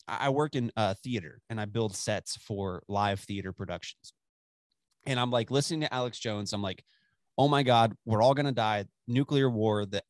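A man's voice: medium pitch, no echo, clean studio sound. A man in his twenties from West Texas, rambling and swearing freely in casual chat, laughing often. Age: 20s.

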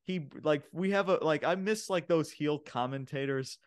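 A man co-hosting a wrestling podcast, recapping the show in casual chat, excitable and full of fillers and laughs. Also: fairly high pitch, normal speed, clear, resonant tone. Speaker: podcast co-host reviewing wrestling.

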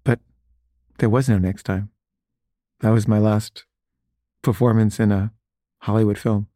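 A man's voice: lowish voice, fairly even intonation, measured pace, warm tone, no room sound, studio quality. A man who makes films casually tells a self-deprecating anecdote and livens up when he quotes other people. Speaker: filmmaker telling an anecdote. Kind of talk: casual storytelling.

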